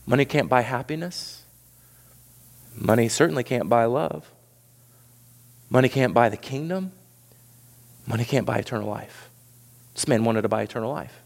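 A man preaching a sermon as pastor, animated, swinging from loud high peaks to quiet low asides. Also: normal speed, gravelly, long pauses, long reverb tail.

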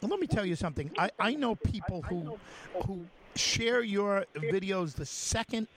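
A male radio host with a New York accent, his voice sitting a little high for a man. He talks casually and stumbles along with frequent fillers and false starts. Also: lively intonation, crowd noise. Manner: halting, many fillers and restarts.

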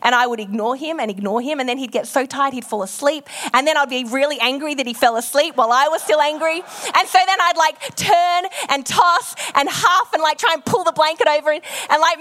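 A woman's voice: high voice, fairly bright tone. A woman pastor preaching a sermon, telling frank, self-deprecating stories in a loose, conversational way with plenty of ums and likes.

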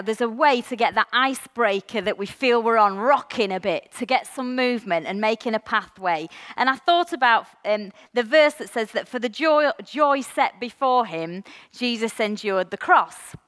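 Woman, candid church talk, bright and higher voice, reverberant hall. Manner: candid, reflective, many ums and restarts. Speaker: church speaker. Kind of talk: personal talk in a church service.

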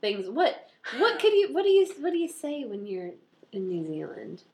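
Woman co-host, playful chat, lively pitch, echoey room. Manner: giggly, playful, quick to laugh. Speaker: podcast co-host. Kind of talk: casual chat.

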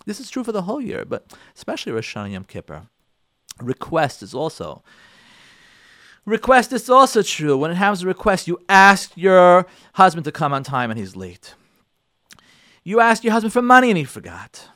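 A man, a rabbi, delivers an emphatic talk with a high, lively voice that swoops up and down. He repeats his points and acts out little quarrels between husband and wife. The sound is dry and close. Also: fast talker, dry recording. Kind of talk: sermon-style talk on relationships.

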